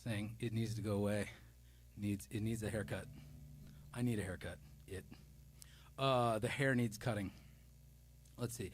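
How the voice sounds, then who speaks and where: On a casual music live stream, a man reads viewer comments aloud, rambling playfully and poking fun at himself with many restarts. His voice is lowish with fairly even intonation, a little slow, and broken by long pauses.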